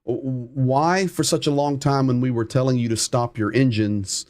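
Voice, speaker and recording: A man's voice: medium pitch, fairly even intonation, moderate pace, darkish tone, no room sound, clean studio sound. A man hosting a live war update stream, translating clips and stressing points by repeating himself. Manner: emphatic, repeats phrases for stress.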